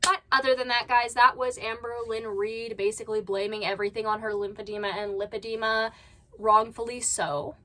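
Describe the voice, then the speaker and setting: Woman reaction host, bright and sharp, opinionated and sarcastic. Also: on the high side, little pitch movement, a little fast. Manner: blunt, critical, sarcastic asides. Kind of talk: casual reaction commentary. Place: at home.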